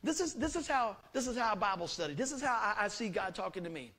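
A middle-aged man preaching, with a voice that sits high for a man. He talks to the congregation in a folksy, emphatic way and keeps asking them questions. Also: very animated, fast talker, few pauses, sharp tone. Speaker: pastor. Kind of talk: sermon.

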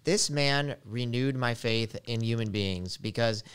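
A young man hosting a podcast, telling a travel story in an animated, casual way with lots of fillers. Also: medium pitch, unhurried. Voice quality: very clear voice.

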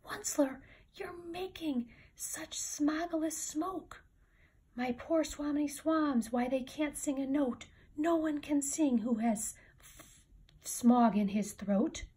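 A woman's voice: high-pitched, slow, dark tone, pitched above the performer's own voice. A woman reading a picture book aloud and voicing a small grumpy male creature who guards the trees, in a scolding, pleading manner. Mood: mournful. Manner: scolding, pleading storybook delivery.

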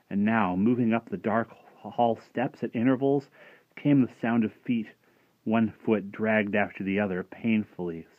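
A man giving an expressive, dramatic story reading that drops to a hush at dark moments. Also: lowish voice, measured pace, dry recording. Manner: expressive, dropping to hushed tones at dark moments. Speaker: reader. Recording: dull lo-fi dry recording.

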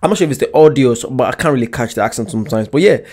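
A man running a reaction video who talks quickly and loosely, dropping slang and fillers as he goes. His voice sits at an ordinary middle pitch. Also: lively intonation, a little mellow. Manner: chatty, slangy, full of "you know" fillers. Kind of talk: casual reaction commentary.

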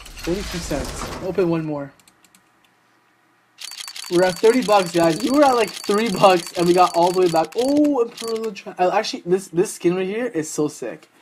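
Excitable swearing young gamer man. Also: high-pitched, moderate pace, slight background noise. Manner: excitable, profane, swings between hype and groaning despair. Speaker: gaming channel host. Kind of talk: live commentary while opening game cases.

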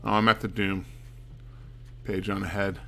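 A man's voice: sits low, little pitch movement, normal speed, creaky, pushed and bright. A man streaming a mystery game, thinking aloud and muttering as he puzzles things out. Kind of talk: casual let's-play commentary.

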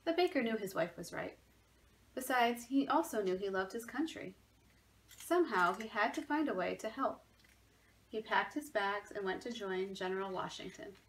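A woman's voice: mid-range voice, lively intonation, normal speed, a little hiss or hum, poor audio. A woman, a museum education manager, reading a children's story aloud expressively from her home.

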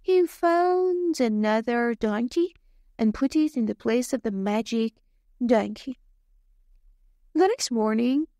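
A woman reading a story aloud slowly and carefully for English learners. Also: fairly high pitch, a little mellow, no echo, studio quality. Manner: slow, careful, clearly spaced reading. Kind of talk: slow scripted story narration.

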